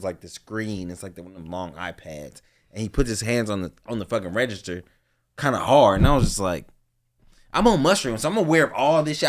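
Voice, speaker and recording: A man chatting on a podcast with an animated, swinging pitch, spinning a profane street story and playing every voice in it. His delivery is loose and expressive, full of quoted back-and-forth. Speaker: podcast co-host. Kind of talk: casual chat, storytelling.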